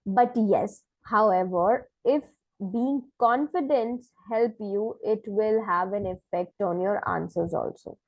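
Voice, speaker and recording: A woman's voice: mid-range voice, slow, darkish tone, dry recording, poor audio. A woman teaching an online lesson, explaining points step by step and checking in with "right?". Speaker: IELTS teacher.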